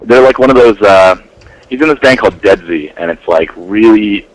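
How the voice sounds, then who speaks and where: A man with a lowish voice rambles through a loose, crude podcast chat. He trades jokes with his co-hosts in an offhand, meandering way. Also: moderate pace, poor audio. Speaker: podcast co-host. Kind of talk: casual chat.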